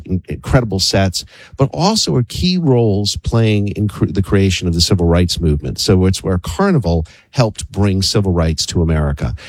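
A man with a very deep voice hosting a radio show, plugging programs and events with eager enthusiasm. The studio microphone gives a dry, close sound. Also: darkish tone, no echo. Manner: enthusiastic, promotional delivery.

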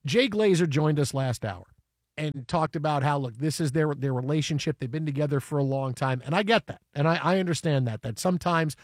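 A man's voice: a little high, a little fast, no room sound, studio quality. A man hosting a sports talk show, arguing his point emphatically and repeating phrases for effect. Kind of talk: casual sports radio chat.

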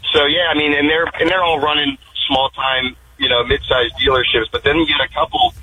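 A man from the Philadelphia area answering interview questions, hesitant with many fillers before warming up. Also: on the high side, fairly even intonation, brisk, a little hiss or hum, rough recording. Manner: hesitant, many ums, then eager. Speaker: guest, trainee. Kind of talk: casual interview.

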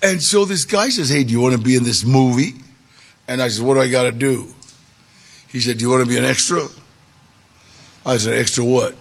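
A man telling a personal story to an audience, animated, with gravelly voice-play in the quotes. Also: medium pitch, a little fast, long pauses, a little hiss or hum. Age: 40s or older. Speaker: guest storyteller.

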